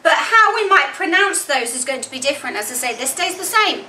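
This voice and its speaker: A woman teaching reading, explaining phonics and slowly sounding words out into separate speech sounds. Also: high-pitched, sing-song, bright, forceful tone. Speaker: literacy teacher. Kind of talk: instructional explanation. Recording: roomy echo, distant mic, faint background noise.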